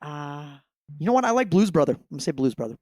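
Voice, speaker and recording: A man's voice: a little high, sing-song, quick pace, mellow, no room sound. Hesitant man thinking aloud, dry close sound. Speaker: quiz contestant. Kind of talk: casual game banter.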